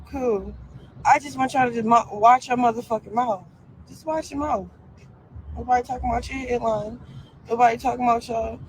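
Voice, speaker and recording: A woman's voice: on the high side, slight background noise, rough recording. A young woman ranting on a live stream, defiant and profane, full of fillers. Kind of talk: casual live-stream rant.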